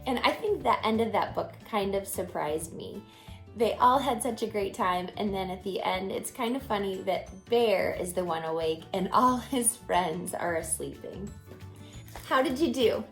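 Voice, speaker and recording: A woman teacher reading a picture book aloud in an expressive, playful way, then explaining it to children. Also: medium pitch, normal speed, soft background music. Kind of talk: read-aloud storytelling and lesson.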